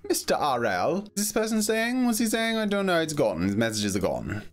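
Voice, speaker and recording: Excitable man commenting on gameplay. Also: on the high side, fairly quick. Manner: excitable, jumpy, squeals and laughs often. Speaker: gaming video host.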